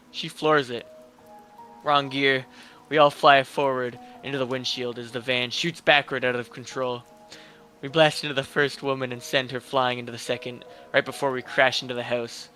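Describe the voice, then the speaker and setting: Bright-voiced man narrating horror. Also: medium pitch.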